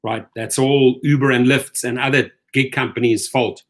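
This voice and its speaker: A man's voice: medium pitch, steady tone, normal speed. A middle-aged man hosting rideshare commentary, ranting angrily with profanity and repeated rhetorical questions.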